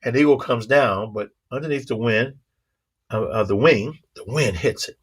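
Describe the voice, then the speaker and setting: A man giving a motivational talk, telling animated stories with sound effects and rhythmic, preacherly repetition. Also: medium pitch, normal speed, slightly rough. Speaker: motivational speaker.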